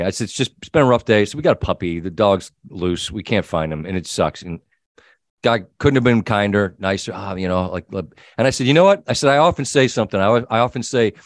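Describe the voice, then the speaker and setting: A middle-aged man hosting a sports talk show, telling an animated story and acting out the people in it. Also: on the low side, no echo, clean studio sound. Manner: animated storyteller, quoting himself and others. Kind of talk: casual storytelling chat.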